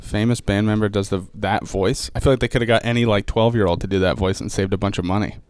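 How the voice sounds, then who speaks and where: A man's voice: on the low side, steady tone, fast, darkish tone, clean tone, dry recording. A man, a stand-up comedian, chatting casually as a podcast guest in an easygoing, rambling way with restarts.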